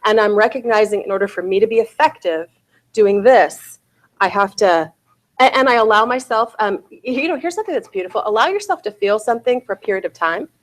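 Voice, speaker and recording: A woman's voice: medium pitch, lively intonation, fairly quick. A woman in her forties giving a real estate sales bootcamp talk, often asking her audience "right?" and "okay?".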